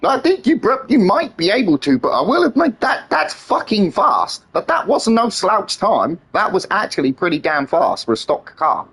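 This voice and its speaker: A man chatting excitedly on a live game stream, swearing freely and trading teasing banter with his friends. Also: high voice, normal speed, hardly any pauses, breathy edge. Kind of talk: live-stream gameplay chat.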